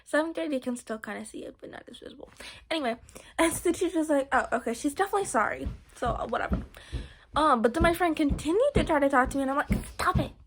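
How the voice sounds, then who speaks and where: Now fast and with her voice sitting high, the teen vlogger giggles her way through a rambling story to camera, restarting often and leaning on fillers as she talks to her viewers.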